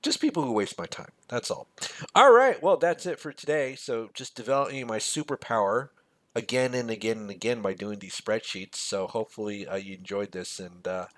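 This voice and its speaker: A man's voice: lowish voice, moderate pace. Joking man walking through a spreadsheet. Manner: joking, sarcastic asides; animated, jumps between loud and quiet. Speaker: finance channel host. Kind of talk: casual spreadsheet walkthrough.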